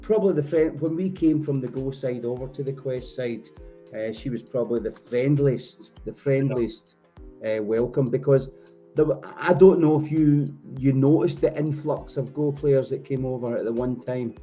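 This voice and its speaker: A man's voice: medium pitch, moderate pace, mellow, faint music behind. A man hosting a casual live show, chatting and laughing with players in a virtual poker game, often stammering and restarting. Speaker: host interviewing players.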